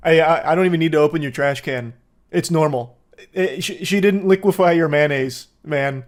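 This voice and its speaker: A man's voice: on the high side, moderate pace. Sarcastic man mocking text messages. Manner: sarcastic, incredulous, swearing. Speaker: commentator. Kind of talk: comedic commentary reading text messages.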